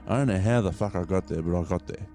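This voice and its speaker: A man's voice: sits low, fast talker, warm tone, soft background music. A man hosting a podcast, rambling casually through a story and swearing freely as he talks to his listeners. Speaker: podcast host.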